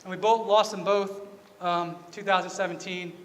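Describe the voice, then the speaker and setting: A high, bright-voiced male pastor delivering an earnest, confessional sermon. His words ring out with a long church-hall reverb over a faint hum of ambience. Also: steady tone, normal speed. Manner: earnest, confessional storytelling with repeated phrases. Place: church sanctuary.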